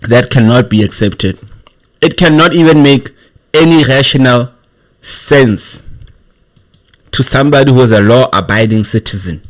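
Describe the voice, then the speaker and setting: A man's voice: medium pitch, moderate pace, long pauses. Chatty man commenting on politics. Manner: chatty, amused, chuckles between points.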